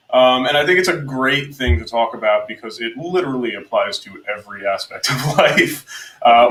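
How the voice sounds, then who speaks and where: A man's voice: medium pitch, pushed and bright, echoey room, far from the mic, poor audio. A man from New Jersey hosting a casual live chat, talkative, with frequent laughs and fillers. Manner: chatty, laughs often, many fillers. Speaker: host.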